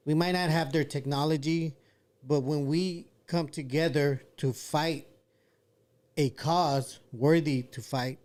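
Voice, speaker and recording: A man's voice: a little high, darkish tone, clear, resonant tone. A man co-hosting a podcast, agreeing often and speaking with many fillers in casual chat. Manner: frequent short agreements, hesitant with fillers.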